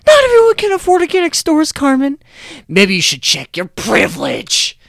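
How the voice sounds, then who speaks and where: A man's voice: on the high side, brisk, dry recording, clean studio sound, natural voice. A man voicing a smug, self-righteous cartoon boy cat in a condescending tone.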